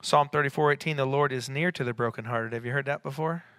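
Bright-voiced pastor preaching with emphatic swells. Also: male voice, mid-range voice, clean tone, dry recording, clean studio sound. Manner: conversational, with quick asides and rising emphatic peaks. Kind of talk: sermon.

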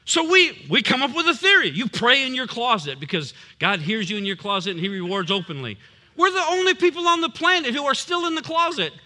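A man's voice: very high voice, expressive, brisk, pushed and bright. A man preaching a sermon as a pastor, emphatic and punchy, with humorous asides.

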